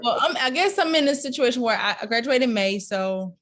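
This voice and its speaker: A young woman student, asking questions in an anxious, rushed way. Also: fairly high pitch, lively intonation, fairly bright tone. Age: young adult. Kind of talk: classroom question.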